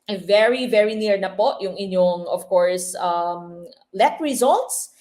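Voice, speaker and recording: A woman with a Filipino accent giving a live online exam review lesson. She mixes English and Tagalog, often ends lines with tag questions and reads out viewer comments. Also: medium pitch. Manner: lively, drawn-out emphasis, frequent tag questions.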